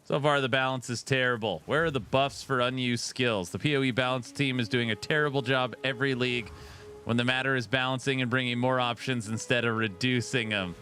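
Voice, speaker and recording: A man's voice: mid-range voice, steady tone, brisk, bright, forceful tone, faint music behind. A man streaming, reading viewer comments aloud in a casual, wry, amused way. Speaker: streamer reacting to game patch notes.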